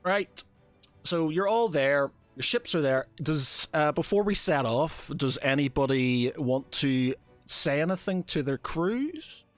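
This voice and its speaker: A man's voice: fairly high pitch, animated, slow pace, no echo, faint music behind. A man narrating a tabletop game as game master, hesitant and filling his talk with "sort of kinda".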